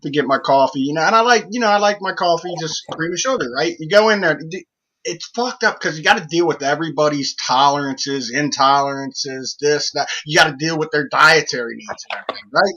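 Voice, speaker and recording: A man co-hosting a casual chat show, telling stories in an animated way, his voice jumping up on punchlines and full of swearing. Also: brisk, highs cut off, a little hiss or hum. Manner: animated storyteller, rising pitch on punchlines, heavy swearing. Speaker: podcast co-host.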